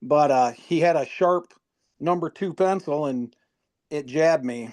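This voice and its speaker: A man, a former teammate, recalling school memories in a hesitant, halting way. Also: a little high, a little mellow. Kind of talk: casual reminiscing.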